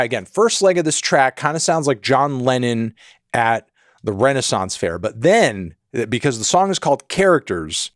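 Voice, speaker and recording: A man hosting a casual music review, talking in an animated, joking way with sudden jumps in pitch. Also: dry recording, clean studio sound. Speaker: music critic host.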